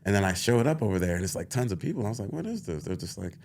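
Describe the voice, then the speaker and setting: A man in his thirties, an actor guest on a podcast, telling animated stories, laughing often and acting out other people's lines. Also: rapid-fire. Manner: laughs often, acts out others in high voices. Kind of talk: animated storytelling.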